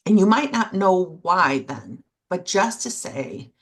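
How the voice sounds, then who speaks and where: A woman co-hosting a relationship podcast in gentle, reflective casual conversation, speaking in short thoughtful phrases. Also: lowish voice, sing-song, takes it slowly, few pauses. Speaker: podcast co-host.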